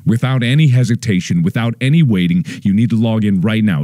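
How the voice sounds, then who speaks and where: A man in his twenties making a mock-dramatic plea to his viewers, over-the-top solemn, swinging between hushed lines and near-shouts. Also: lowish voice, animated, fairly quick, no room sound, clean studio sound. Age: 20s. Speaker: YouTuber.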